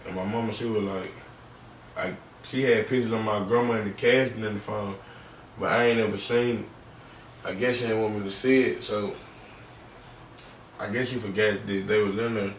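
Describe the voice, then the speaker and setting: Subdued young man with low flat voice. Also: recorded from a distance. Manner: halting, slangy, subdued. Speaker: podcast guest. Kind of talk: candid personal storytelling. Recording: roomy, off-mic, faint background noise.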